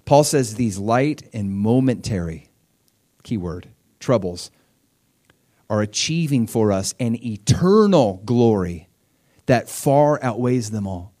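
A man's voice: fairly low pitch, animated, slow pace, dark tone. A middle-aged man preaching a conversational sermon, earnest and emphatic, often repeating and restarting words.

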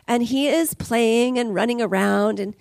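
A woman's voice: a little high, unhurried, vocal fry, darkish tone, dry recording. A woman preaching a sermon as a conversational, emotional testimony, dropping at times to near whispers.

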